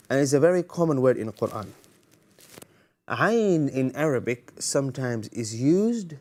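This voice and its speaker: A man's voice: medium pitch, darkish tone. A man hosting a live TV Quran lesson for children, playful and teasing, quizzing the viewers and mixing Arabic phrases into his English. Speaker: TV Quran teacher and host. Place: TV studio.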